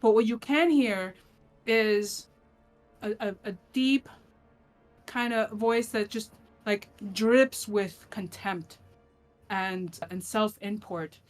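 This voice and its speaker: A woman's voice: mid-range voice, slow, long pauses, faint music behind. A woman running a tabletop game as game master, narrating scenes in detail and often restarting her phrases. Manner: descriptive, with frequent restarts.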